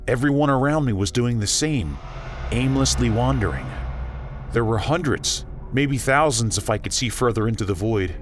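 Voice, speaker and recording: A man reading a horror story aloud as narrator, emotive and shifting between tense and hushed tones. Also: mid-range voice, moderate pace. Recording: music bed under the voice. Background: background music.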